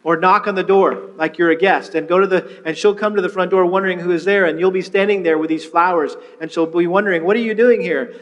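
A male pastor with a high voice delivers a sermon in a relaxed, conversational way. He often repeats words as he restarts his sentences. His voice carries a long reverb from a large hall. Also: fast, hardly any pauses, highs cut off. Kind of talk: sermon-style teaching on marriage.

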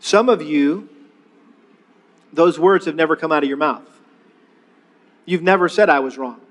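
A man's voice: fairly high pitch, a little slow. A middle-aged man preaching a sermon in a conversational way, asking rhetorical questions and leading the congregation to repeat phrases after him. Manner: leads the congregation in call-and-response repetition. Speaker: pastor. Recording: long reverb of a large hall.

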